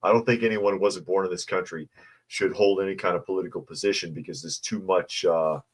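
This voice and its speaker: A man's voice: low-pitched, fairly even intonation, a little fast. Man, news commentary host, sarcastic, casual, mocking. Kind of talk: casual news commentary, reading articles and chat.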